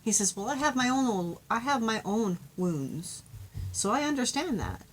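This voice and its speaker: Gentle, chatty woman reading love cards. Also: a little high, sing-song, moderate pace, a little hiss or hum, poor audio. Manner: gentle, heartfelt, chatty, self-disclosing. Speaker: tarot card reader. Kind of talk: intuitive card reading to camera.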